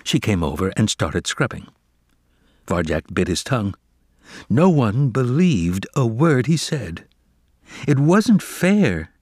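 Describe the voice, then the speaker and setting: A man reading a children's novel aloud as narrator, with expressive, dramatic storytelling. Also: mid-range voice, slow pace, long pauses, no echo, clean studio sound.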